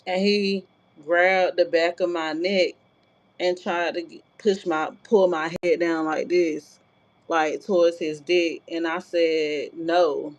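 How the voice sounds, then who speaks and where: A woman's voice: on the low side, flat delivery, slow. A woman vlogger telling a personal story in a casual, blunt, profane way, with frequent filler asides. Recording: dull lo-fi sound.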